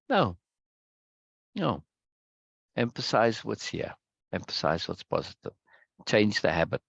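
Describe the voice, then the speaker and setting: A man's voice: lowish voice, vocal fry, fairly bright tone, dry recording, muffled recording. A man leading a group discussion, speaking emphatically and repeating key phrases for weight.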